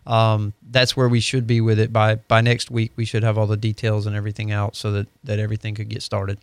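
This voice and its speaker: On a radio talk show, a man who's an expert in heating and air conditioning explains things steadily, with filler ums, as a guest from an HVAC company. His voice is on the low side, brisk and clean, and the recording is dry.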